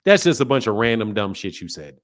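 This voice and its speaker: A boxing talk show host takes calls live, his fairly low voice swinging widely in pitch at a brisk clip. Blunt and profane, he teases callers and laughs often in casual chat.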